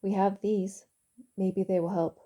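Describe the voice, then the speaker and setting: Woman doing a hushed, worried young man. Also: mid-range voice, level tone, measured pace, natural voice. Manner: hushed, hopeful.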